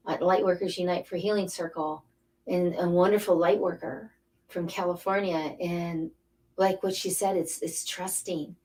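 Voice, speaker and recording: Slight background noise accompanies this fairly low, somewhat mellow female voice, which sounds a bit removed from the mic. The speaker, a middle-aged angel card reader and spiritual coach, delivers relaxed inspirational talk with emphasis, meandering between ideas and repeating herself for effect.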